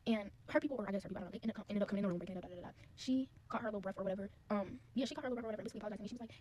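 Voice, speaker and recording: Rapid-fire rambling young woman. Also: medium pitch, darkish tone, highs cut off, a little hiss or hum. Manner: rambling, slangy, breathless retelling. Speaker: storyteller. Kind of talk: casual story-time monologue.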